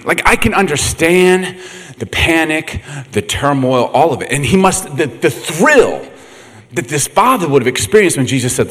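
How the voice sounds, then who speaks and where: Middle-aged male pastor, lively swooping delivery, laughs often, echoey hall. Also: a little high, normal speed, breathy edge. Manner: animated, laughing, acts out quotes. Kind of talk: humorous sermon storytelling.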